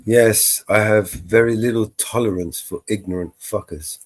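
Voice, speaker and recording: Blunt, swearing man with a low voice. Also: steady tone, moderate pace, dry recording. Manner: blunt, swears freely, rambling with fillers. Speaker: livestream co-host. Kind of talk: casual live panel chat.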